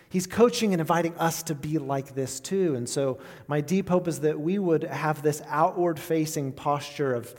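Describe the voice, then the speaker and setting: A pastor with a slightly mellow voice on the high side gives a sermon in a talky, lightly raised way. Questions go out to the congregation, phrases get restarted, and a long reverb from the church hall trails each word.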